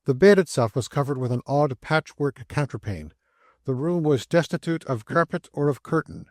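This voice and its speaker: A man reading a classic travel memoir aloud as an audiobook narrator, in measured, descriptive storytelling. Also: a little high, expressive, a little mellow, dry recording, studio quality.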